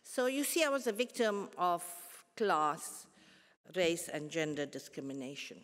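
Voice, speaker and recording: A woman's voice: fairly low pitch, very animated. Older woman lecturing. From South Africa. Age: 70s. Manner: measured, earnest storytelling with pauses and restarts. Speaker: guest lecturer. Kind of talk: formal public lecture. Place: large concert hall. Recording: long hall reverb.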